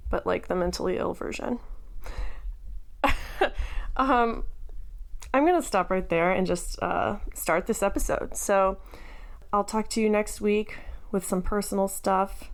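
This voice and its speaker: A woman's voice: lowish voice, creaky. A woman hosting a podcast in a chatty, self-deprecating casual way, full of fillers. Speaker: podcast host.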